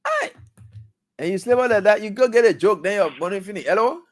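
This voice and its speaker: A man's voice: sits high, animated, brisk, slight background noise. A man hosting a call-in radio show, easygoing and encouraging, chuckling often.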